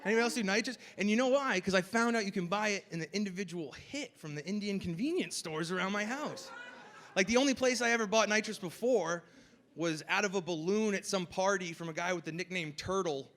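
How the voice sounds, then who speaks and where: A young man doing a stand-up comedy set on a festival stage, with a loose, rambling delivery full of "like" and shouting over the crowd at times. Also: high voice, fairly quick, a little hiss or hum.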